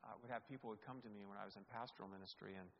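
A middle-aged man preaching as a guest in a church sanctuary, earnest and emphatic, swelling louder on key words. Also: on the low side, steady tone, very fast, gravelly, slight background noise. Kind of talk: sermon. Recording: echoey hall, dull lo-fi sound.

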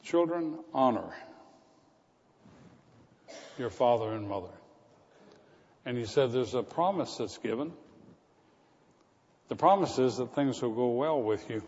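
A man's voice: mid-range voice, normal speed, a little mellow. A male pastor delivering a sermon, telling stories and building to emphatic repeated lines. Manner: storytelling preacher, rising to emphatic repetition. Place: church sanctuary. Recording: muffled church recording with long reverb.

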